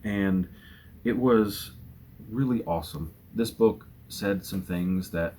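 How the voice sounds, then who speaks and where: A man talking casually and earnestly about books in a home vlog, gentle, with fillers and restarts. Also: low voice, takes it slowly, a little hiss or hum. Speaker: booktuber. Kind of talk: casual book tag vlog.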